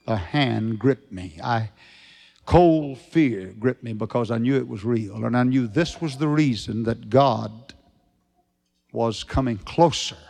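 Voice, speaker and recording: A man preaching a revival sermon, folksy and storytelling, rising to shouted fervor. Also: mid-range voice, vocal fry. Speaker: evangelist preacher.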